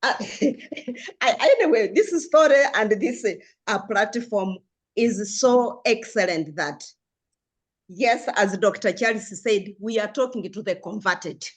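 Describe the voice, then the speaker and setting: A woman's voice: medium pitch, animated, takes it slowly. Older woman panelist from Africa; passionate, earnest delivery, mid-range voice, restarts often. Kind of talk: panel discussion remarks.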